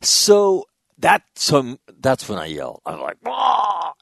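A man's voice: medium pitch, wildly swooping pitch, slow pace, vocal fry, no echo, studio quality. A man hosting a talk radio show, speaking bluntly and emphatically, with swearing and frequent restarts. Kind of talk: casual talk radio commentary.

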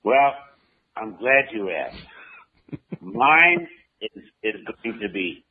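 A man co-hosting a radio show, telling stories in a slow, drawn-out way with many fillers. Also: on the low side, very animated, slightly rough. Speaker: radio co-host. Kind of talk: casual radio chat. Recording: tinny phone-like radio line.

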